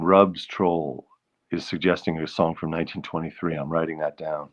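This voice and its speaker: A man hosting a live stream, singing old standards slowly and chatting in a quick, joking way between songs. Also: deep voice, muffled recording. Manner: croons show tunes slowly, then chats fast and jokey. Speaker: host of a live music stream.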